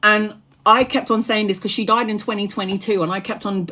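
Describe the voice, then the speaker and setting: A woman's voice: mid-range voice, a little fast, slight background noise. Woman, tarot streamer, loose chatty storyteller, swears, laughs a lot, worn out from a long stream. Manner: chatty and animated, laughs often, swears freely. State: tired after hours live. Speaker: tarot reader streaming live. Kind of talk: casual live-stream chat.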